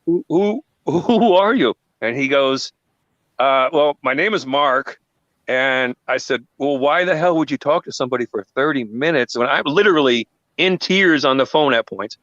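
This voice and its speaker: A man's voice: mid-range voice, normal speed, a bit bright, no echo. A middle-aged man hosting a live online panel, telling a personal story in an earnest, casual way. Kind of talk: casual chat. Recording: dull, dry sound.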